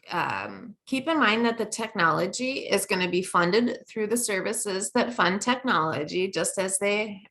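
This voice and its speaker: A woman's voice: fairly low pitch, fairly bright tone. A middle-aged woman giving a training presentation, conversational with many fillers and restarts.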